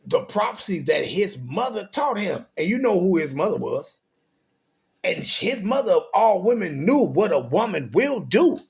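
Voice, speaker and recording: A man preaching from scripture in a crude, profane way, firing rhetorical questions and rising into loud, high bursts. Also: vocal fry, slightly rough.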